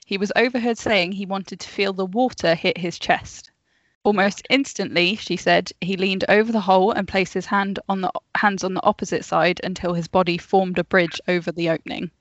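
A woman's voice: mid-range voice, steady tone, moderate pace, dry recording, highs cut off. A woman co-hosting a casual podcast, telling a story from her notes with chatty asides and frequent laughs. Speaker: podcast co-host.

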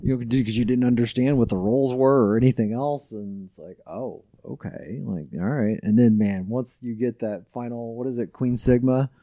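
A man with a very dark, mellow voice, talking in a loose, rambling way on a podcast. His speech trails off and restarts, and the sound is dry and close. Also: medium pitch, steady tone, brisk, hardly any pauses, dry recording. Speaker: podcast host. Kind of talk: casual chat.

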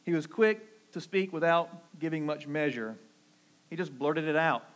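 A Southern man preaching a sermon in an earnest, pastoral way. His voice sits a little high for a man. He swings from emphatic, rising declarations to low, quiet asides. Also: normal speed. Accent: Southern American. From American South. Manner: earnest preaching, rising emphatic on key phrases, dropping low and soft for quotes.

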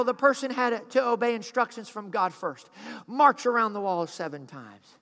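A man preaching in a church, his voice high and bright. He calls out to the congregation and acts out the people in his story. The sound rings with a long hall reverb. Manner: preaching with rising intensity, calls to congregation, acted asides. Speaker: pastor. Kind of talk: sermon. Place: church sanctuary.

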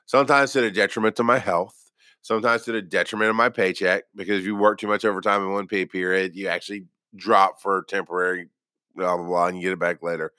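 A man's voice: low voice, steady tone, quick pace, pushed and bright, no echo, clean studio sound. A former paramedic telling his own story in a casual way, rambling and poking fun at himself, with lots of restarts. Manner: rambling and self-deprecating, with many restarts.

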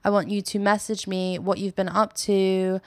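Young woman, British accent, casual podcast host, giggly, sweary, smooth clear voice. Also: mid-range voice, little pitch movement, normal speed, darkish tone, dry recording, clean studio sound. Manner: giggly, sweary, chatty storytelling. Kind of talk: casual solo podcast chat.

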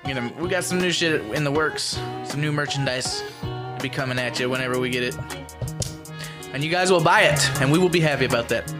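A man's voice: mid-range voice, a little fast, over music. A man co-hosting a podcast in casual chat, joking and swearing loosely as he runs through plugs and intros. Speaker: podcast co-host.

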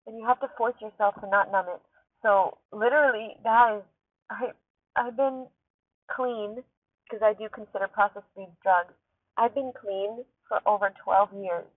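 A shaken, tearful woman pours out an urgent, emphatic monologue from inside her car, swearing often. The sound is thin and tinny like a phone line, and completely dry with no room echo. Her voice sits at a middling pitch. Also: measured pace. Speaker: podcast host. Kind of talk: emotional monologue. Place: parked car.

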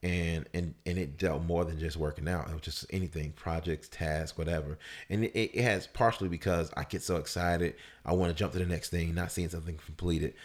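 A man in casual conversation telling a personal story, loose and full of fillers, his voice leaping high when he acts out people shouting. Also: brisk, few pauses. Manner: animated storyteller, voice jumps up high for quoted shouts. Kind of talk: casual chat.

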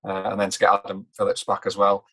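A man with a low voice and a flat, level delivery. He talks football casually, in a measured and hesitant way, and he often pauses to gather his words. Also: slightly rough. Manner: measured, hesitant, many fillers and restarts. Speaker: podcast co-host.

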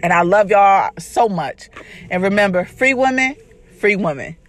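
A woman's voice: mid-range voice, expressive, moderate pace. A woman hosting a podcast as a life coach, giving an emphatic, repetitive motivational talk to her listeners. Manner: preachy, emphatic, repetitive, uses "baby".

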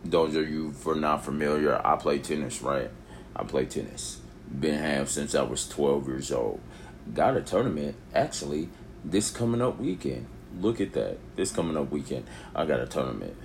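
A young man with a very deep voice rants casually to camera, rambling from topic to topic. He swings from near-shouted peaks down to low mutters. A faint hiss of noise sits under the recording. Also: moderate pace, vocal fry. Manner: rambling, animated, rising to near shouts then dropping low. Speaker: vlogger. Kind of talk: casual opinion monologue.

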